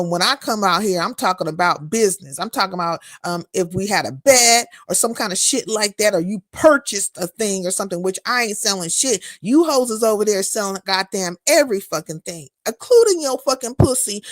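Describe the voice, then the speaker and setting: A woman live streaming, chatting casually with her viewers and answering their comments in a blunt, profane, animated way. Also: medium pitch, no room sound, studio quality. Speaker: live streamer and content creator.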